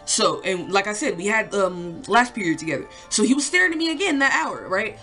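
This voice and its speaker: A woman's voice: mid-range voice, sing-song, brisk, a bit bright. Young woman, casual storytime vlog, rambling, lots of swearing and fillers, faint music underneath. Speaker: vlogger.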